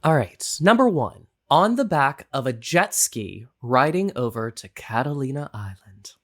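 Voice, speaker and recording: A woman's voice: a bass voice, lively intonation, measured pace. A woman co-hosting a podcast, playful and self-deprecating in casual chat. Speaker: podcast co-host.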